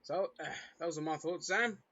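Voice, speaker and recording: A man's voice: a little high, normal speed, bright, forceful tone, highs cut off. A man hosting a casual fan film reaction chat, wrapping up with upbeat, chatty verdicts. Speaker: reaction show host.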